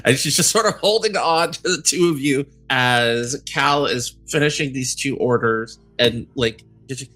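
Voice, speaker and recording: A man's voice: mid-range voice, unhurried, hardly any pauses, bright, forceful tone. A man narrating a tabletop game as game master, in a casual, rambling way with many fillers.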